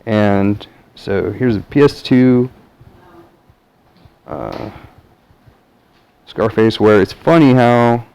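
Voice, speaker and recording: Rambling low-voiced man, off-the-cuff. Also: expressive, very slow, creaky, pauses often, darkish tone, smooth, poor audio. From American South. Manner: meandering, many fillers and restarts. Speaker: vlogger. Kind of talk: rambling casual monologue.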